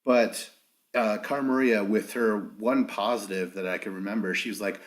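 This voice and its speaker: A man hosts a podcast and recaps a reality show in a loose, rambling way. He rants and swears often. He slips into quick mocking voices when he quotes people, then drops back into his ordinary voice. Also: on the low side. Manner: profane ranting, acts out quotes in mocking voices. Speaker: podcast host.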